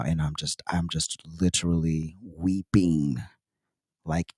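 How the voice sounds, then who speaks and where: A man's voice: rumbling low, steady tone, slow, a little mellow, husky, no echo, clean studio sound. A man hosting a podcast, telling an earnest, reflective personal story with open emotion. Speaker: podcast host.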